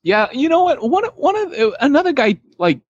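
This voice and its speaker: A man co-hosting a podcast, telling a rambling, self-mocking story with quick laughs. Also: very high voice, very animated, no room sound. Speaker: podcast co-host. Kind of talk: casual storytelling podcast chat. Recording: dull, dry lo-fi sound.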